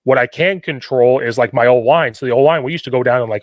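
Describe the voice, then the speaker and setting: A man hosting a podcast, telling coaching stories in an animated way and often quoting himself. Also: medium pitch, quick pace, no echo. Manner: animated storytelling, quoting himself, repetitive questions. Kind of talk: casual podcast conversation.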